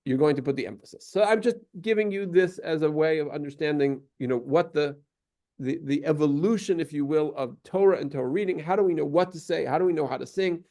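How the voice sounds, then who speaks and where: A man's voice: fairly high pitch, a little fast, darkish tone. A man teaching a class, explaining at length with many fillers and restarts and taking questions.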